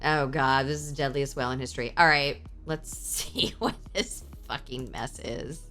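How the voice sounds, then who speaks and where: A woman streamer in casual live-stream chat, swearing freely and answering her chat aloud with excitable reactions. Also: very deep voice, moderate pace, soft background music.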